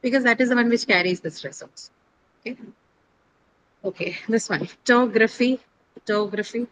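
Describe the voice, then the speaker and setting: A woman teaching pronunciation in a classroom. She explains step by step, quizzes her students, stops to correct herself and often pauses on fillers. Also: fairly high pitch, expressive, a bit bright, rough recording.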